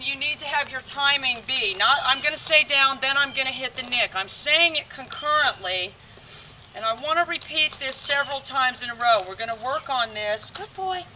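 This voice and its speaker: A woman dog trainer walks viewers through an outdoor training lesson, explaining each step plainly. Her voice is very bright, and it is picked up from a distance with a faint hiss in the background. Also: sits high, normal speed. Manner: explains steps plainly, addresses viewers directly. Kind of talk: instructional training demo. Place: outdoors on a rural training field.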